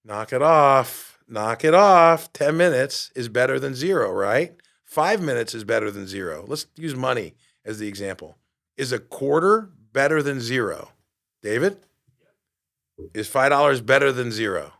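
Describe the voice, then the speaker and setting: A man's voice: medium pitch, expressive, moderate pace, vocal fry, a bit bright. Emphatic middle-aged man hosting a podcast. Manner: emphatic and preachy, asks the listener rhetorical questions; swears casually. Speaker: podcast host. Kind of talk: motivational podcast talk.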